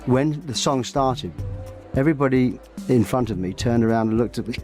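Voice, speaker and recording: A man's voice: medium pitch, fast talker, music in the background. A man from England being interviewed, telling chatty stories and acting out quoted dialogue. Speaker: musician interviewee. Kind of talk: anecdotal interview recollection.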